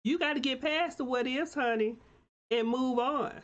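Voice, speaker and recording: A woman's voice: high-pitched, normal speed, dull audio. A woman hosting her own live-stream talk show, greeting viewers by name and encouraging them in a preacher-like way. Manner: warm encouraging, churchy preacher-like exhortation.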